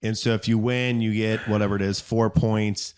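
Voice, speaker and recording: A man's voice: on the low side, little pitch movement, moderate pace, clean tone. A man co-hosting a casual podcast, telling rambling stories and mimicking other people's voices as he goes. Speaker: podcast co-host. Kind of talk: casual chat.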